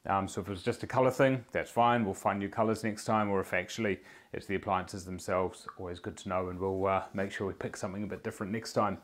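A man's voice: sits low, fairly even intonation, quick pace. Chatty New Zealand man hosting a draw. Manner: chatty, easygoing, talks to viewers in the chat while working. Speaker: prize draw host. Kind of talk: live-streamed prize draw chat.

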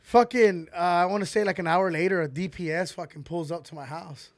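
Gravelly man telling a rowdy story. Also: high-pitched, brisk, dry recording. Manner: rambling, heavy swearing, animated retelling. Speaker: podcast host. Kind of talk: casual storytelling.

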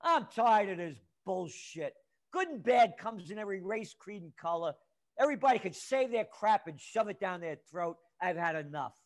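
A man with a strikingly high voice rants as an interview guest. He swears freely and his anger spills into shouting. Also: animated, moderate pace. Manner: angry, profane, shouts in bursts. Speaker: guest trend forecaster. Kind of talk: heated interview rant.

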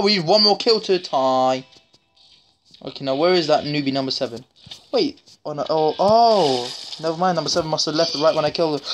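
A woman giving casual, jokey commentary while playing a mobile shooter, trash-talking opponents and letting out sudden yelps. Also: sits low. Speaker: mobile game streamer. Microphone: phone screen recorder. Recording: noisy phone recording with tapping clicks.

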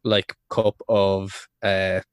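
Low-voiced man chatting. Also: level tone, very slow, smooth, dry recording. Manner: rambling, joking, reads facts aloud. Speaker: podcast co-host. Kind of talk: casual podcast banter.

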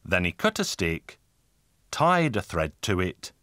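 A man narrating a folk tale in a storybook style, with lively delivery. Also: measured pace, a little hiss or hum. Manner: lively, voices each figure with raised pitch. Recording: folk fiddle music behind.

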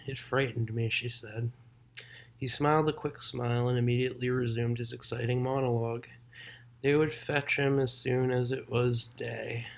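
A man reading a literary short story aloud in a measured, unhurried way, now and then correcting himself mid-sentence. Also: medium pitch, flat delivery, creaky. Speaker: narrator.

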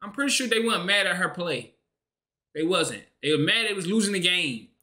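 A man's voice: high-pitched, animated, brisk, sharp tone. Young man ranting over a clip. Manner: exasperated, ranting, slangy. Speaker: streamer reacting to a clip. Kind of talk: casual reaction commentary.

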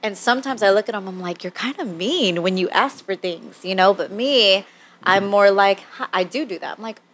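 A woman co-hosting a podcast, speaking softly and reflectively in a casual chat. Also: mid-range voice, normal speed.

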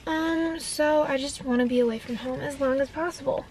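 A woman's voice: high voice, moderate pace, recorded from a distance. A young woman vlogger talking casually and rambling to her viewers. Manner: chatty, rambling, giggly. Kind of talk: casual vlog chat. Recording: noisy background.

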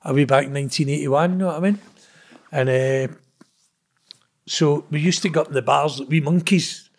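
A middle-aged Scottish man from Glasgow, his voice on the high side at a normal speed, tells casual stories as an interview guest. He rambles bluntly and swears, frequently adding "know what I mean".

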